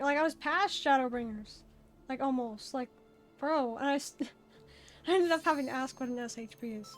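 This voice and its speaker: High-pitched girl streamer just rambling about her game, says bro a lot, little music in the back. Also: moderate pace. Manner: rambling, laughs often, fillers like "bro". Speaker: streamer playing an online game. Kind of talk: casual livestream chat.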